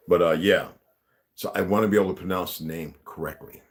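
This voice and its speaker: A man's voice: sits low, measured pace, long pauses. A man talking casually to his viewers, rambling with many restarts and asides.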